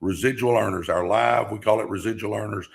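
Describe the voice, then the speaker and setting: A man's voice: on the low side, brisk, gravelly. A man hosting a livestream podcast, giving a fired-up motivational talk in a preacher-like way with repeated catchphrases. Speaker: podcast host.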